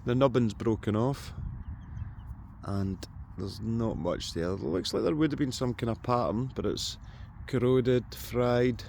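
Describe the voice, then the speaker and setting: A man with a Scottish accent narrates a casual vlog outdoors, chatting and joking with viewers as he sweeps open farm fields with a metal detector. His mid-range voice is unhurried, creaky and slightly mellow, over a faint hiss or hum.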